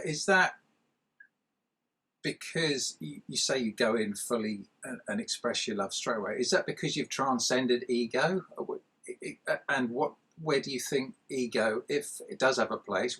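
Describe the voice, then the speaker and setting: A man interviewing a guest, asking calm, probing questions. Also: mid-range voice, normal speed, breathy edge.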